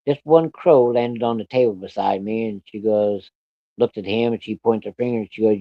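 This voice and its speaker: A man's voice: fairly low pitch, expressive, normal speed, creaky, no echo. Profane man telling a story, dull lo-fi sound. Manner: plainspoken, profane, vivid retelling. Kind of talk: casual spoken storytelling.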